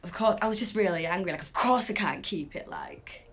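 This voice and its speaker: An actress as a self-mocking young British woman, candid, hesitant, lower voice, verbatim monologue. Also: fairly quick, a little hiss or hum, lightly acted. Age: young adult. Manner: candid, hesitant, full of fillers. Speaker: interviewee recalling her past.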